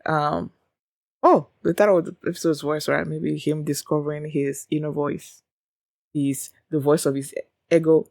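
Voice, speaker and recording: Woman reaction host, loose rambling delivery, slight vocal fry, dry close sound. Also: deep voice, darkish tone, no echo. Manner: rambling, full of "like" and "um". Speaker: anime reaction channel host. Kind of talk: casual reaction chat.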